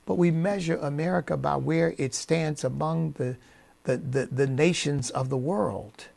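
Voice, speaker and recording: With a gravelly, fairly high voice, a man on the radio gives an emphatic monologue at a studio microphone. His intonation stays fairly even and his pace is measured, though he still dips into quiet asides and builds to loud, preacherly climaxes.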